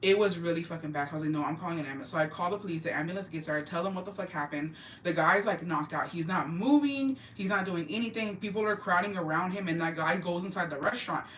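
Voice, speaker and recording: Recorded from a distance in a roomy, echoing space, a woman vlogger with a fairly low, fairly bright voice gossips to her viewers at a quick pace with few pauses. Her storytelling is loose, profane and emphatic, peppered with Spanish phrases in her English, over a faint hum of ambient noise.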